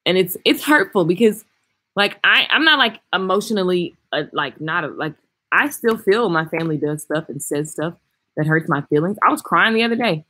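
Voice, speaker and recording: A woman hairstylist chatting casually and frankly on a livestream, reading and answering viewer comments with animated swings in loudness. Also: fairly low pitch, normal speed. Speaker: hairstylist and vlogger. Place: traveling, indoors.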